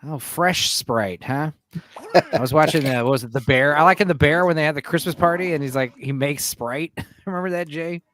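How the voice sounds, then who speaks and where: A man's voice: fairly high pitch, a little fast, fairly bright tone, no echo. A man hosting a podcast, chatting casually and joking while playing a party game. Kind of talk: casual chat.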